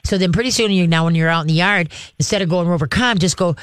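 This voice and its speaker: A man training an owner in dog recall, talking casually and breaking into high, excited calls as he shows how to call the dog. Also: fast talker, slight background noise. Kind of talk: casual hands-on instruction.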